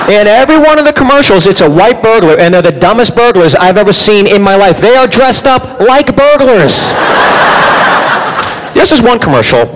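A man's voice: high voice, rough recording. A man doing a stand-up comedy routine in a brash, profane way, on a comedy club stage with a handheld mic. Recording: live club recording with audience noise.

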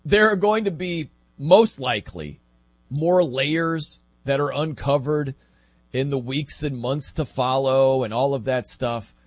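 A man hosting a casual sports talk show, chatty and animated, with laughing asides. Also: medium pitch, measured pace, no echo.

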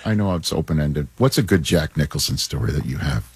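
A man interviewing a guest, prompting with short questions and steady backchannels. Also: extremely low pitch, brisk, husky, no echo. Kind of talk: conversational interview.

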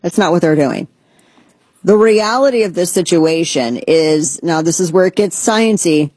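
A woman's voice: fairly low pitch, lively intonation, normal speed, a little mellow, slightly rough, dry recording. A woman hosting a talk show, giving blunt, sarcastic, rambling commentary. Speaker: podcast host. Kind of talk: opinionated casual commentary.

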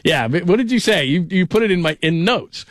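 Radio sports guy rambling and laughing, kinda high pitch, dry close mic. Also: lively intonation, brisk, no echo. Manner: jokey, rambling, laughs often. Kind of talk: casual sports talk radio. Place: radio studio. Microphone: studio microphone.

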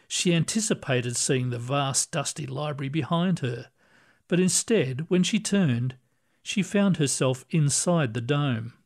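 Guy narrating stories, calm and slow, takes his time. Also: fairly high pitch. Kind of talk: storybook reading.

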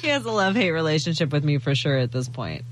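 A woman's voice: low-pitched, sing-song, fast talker, faint music behind. Bubbly woman co-hosting a chat show. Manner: bubbly, giggly, self-mocking. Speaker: co-host. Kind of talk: casual chat.

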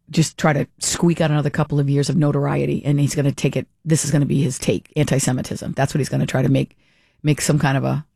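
This radio talk show host is a woman whose low voice is creaky, warm and husky. She reads listener texts out loud and answers them bluntly, with strong opinions, talking back to the senders. The recording is dry and studio quality.

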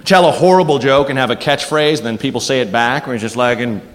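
On a comedy club stage in front of a live crowd, a male stand-up speaks fast at medium pitch, animated and joking as he acts out voices. The live recording carries long reverb and background noise.

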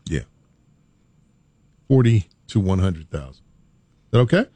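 A man's voice: deep voice, big pitch swings, slow, mellow, dry recording. Man telling a playful story. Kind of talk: casual talk show chat.

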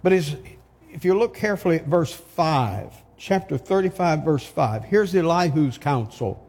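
An older man preaching a sermon, slow and emphatic, asking his listeners rhetorical questions. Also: fairly high pitch, lively intonation, darkish tone. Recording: long hall reverb.

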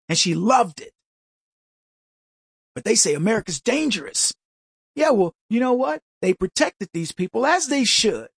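A man hosting a talk radio show, delivering an opinionated monologue full of rhetorical questions and quick impressions of people. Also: sits high, vocal fry, husky, no room sound, clean studio sound.

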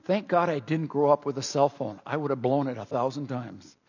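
A man's voice: medium pitch, expressive, fairly quick, breathy edge. An older man, a pastor giving a folksy, conversational sermon with emphatic repetitions. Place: church sanctuary. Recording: dull sound in a reverberant church hall.

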